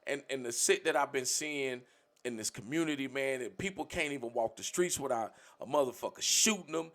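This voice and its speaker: A man's voice: mid-range voice, a little fast, a bit bright. A man on a livestream, speaking bluntly and profanely, lecturing his community in a preachy rant.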